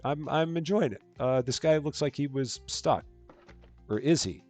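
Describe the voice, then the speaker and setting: A man's voice: on the high side, lively intonation, slow, darkish tone, no room sound, faint music behind. A man hosting a live stream of a store-running game, chatting casually, reading out jokes and greeting chat viewers. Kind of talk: casual gameplay commentary.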